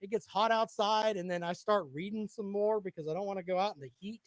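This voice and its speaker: A man's voice: high-pitched, steady tone, fast talker, dry recording. A man co-hosting a sports talk show, teasing his co-host in rowdy, joking banter. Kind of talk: casual sports chat.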